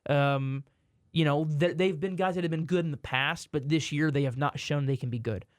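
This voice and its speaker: A man's voice: a little high, moderate pace, no room sound, clean studio sound. A man, co-hosting a sports podcast in casual chat, rambling and correcting himself, sometimes exasperated.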